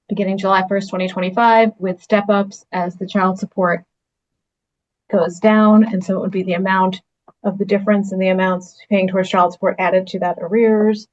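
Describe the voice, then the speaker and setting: A woman's voice: medium pitch, darkish tone. Firm woman judge on a dull line. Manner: firm, businesslike, hesitant fillers. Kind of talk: court hearing.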